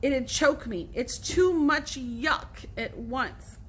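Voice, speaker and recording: A woman reading the part of a stubborn, suspicious boy who yells in indignant outbursts. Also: high voice, slow pace, slightly rough, full character voice. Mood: protesting.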